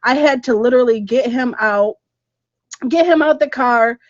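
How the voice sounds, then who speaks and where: A woman with a high voice tells a story on a podcast, animated and emphatic, laughing as she goes. The sound is dry and a bit dull. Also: moderate pace, dry recording. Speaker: podcast co-host. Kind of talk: casual storytelling chat. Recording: dull, slightly muffled podcast audio.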